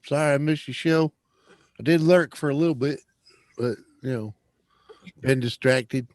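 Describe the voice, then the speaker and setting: A man's voice: mid-range voice, no room sound. Laid-back man with a dry sound. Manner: laid-back, quick short responses. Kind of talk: casual chat on a live stream.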